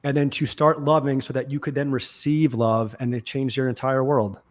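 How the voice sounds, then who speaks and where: Gentle, affirming man in an interview. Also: medium pitch, level tone, normal speed. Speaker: guest. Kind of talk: casual conversational interview.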